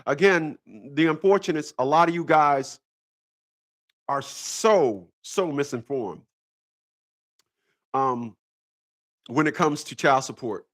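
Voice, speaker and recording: A man's voice: on the high side, slow, long pauses, fairly bright tone. A man hosting a casual livestream talk, rambling, repeating himself and breaking into laughter. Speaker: channel host.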